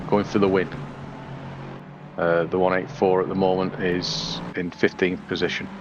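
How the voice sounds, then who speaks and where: A man gives rambling live commentary on a sim race, filling gaps with ums and uhs. His voice sits fairly low. The stream audio is dull and lo-fi, with a clear hiss of noise behind it. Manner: chatty, rambling with many fillers.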